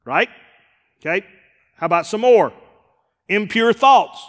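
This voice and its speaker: A man preaching as a pastor, who acts out the people he quotes and swings between loud and hushed delivery. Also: high voice, animated, slow pace, long reverb tail. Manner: preacher acting out quoted voices, rising and dropping in volume. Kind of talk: sermon. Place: church sanctuary.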